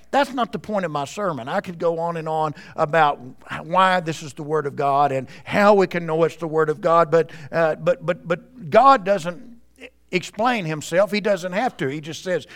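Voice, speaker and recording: A man's voice: high-pitched, a bit bright. A male pastor preaching a sermon at a church service, speaking earnestly and addressing the congregation directly.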